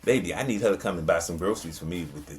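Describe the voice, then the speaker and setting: A man's voice: deep voice, racing. A man co-hosting a podcast, chatting in a laid-back, humorous and reassuring way. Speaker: podcast co-host. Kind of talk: casual chat.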